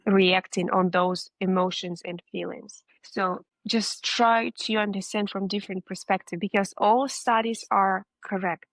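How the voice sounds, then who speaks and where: Woman, interview guest, earnest, encouraging, mid pitch, dry close sound. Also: steady tone, unhurried, hardly any pauses, dry recording, low-quality recording. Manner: earnest, encouraging, acts out reactions. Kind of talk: conversational interview.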